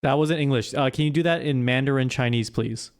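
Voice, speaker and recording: A man streaming live, giving halting, hesitant instructions full of fillers. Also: mid-range voice. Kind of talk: casual live-stream chat.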